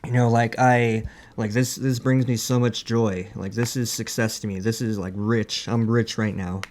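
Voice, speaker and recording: A man's voice: on the low side, little pitch movement, normal speed, a little mellow, slight background noise. Joking man hosting a casual podcast. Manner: joking, teasing, rambling questions. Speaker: podcast host. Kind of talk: casual chat.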